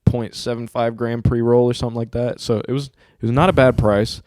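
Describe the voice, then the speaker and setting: A young man hosting a casual talk show, with an ordinary mid-range voice in a dry, close sound. He tells his stories in an animated, profanity-laced way, full of slang. The feel is loose and chatty. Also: mid-range voice, brisk, no echo. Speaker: host. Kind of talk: casual podcast chat.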